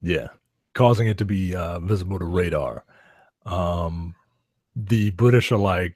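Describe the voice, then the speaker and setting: A man's voice: low voice, normal speed, slightly rough, dry recording. Wry man, dry close sound. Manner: wry joking asides, dry delivery. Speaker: podcast co-host. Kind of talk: casual movie discussion.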